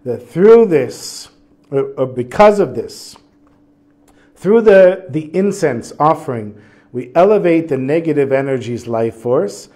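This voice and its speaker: A man teaches a religious text class. His voice sits a little high, and he reads lines aloud before turning to easygoing spoken explanation. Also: expressive, moderate pace, mellow. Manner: casual, reads Hebrew passages then translates. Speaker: Torah teacher.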